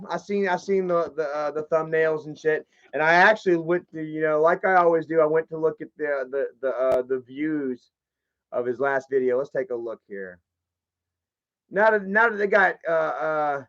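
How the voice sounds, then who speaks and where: Male streamer, slightly high voice, rambling and profane, muffled lo-fi audio. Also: smooth. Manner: rambling, swears casually, shouts out chat viewers. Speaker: livestream host. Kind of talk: casual livestream chat.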